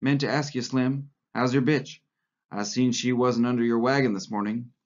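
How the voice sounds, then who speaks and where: A man's voice: medium pitch, fairly even intonation, normal speed, lightly acted. A man reading the part of a blunt, coarse male ranch hand. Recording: lo-fi recording.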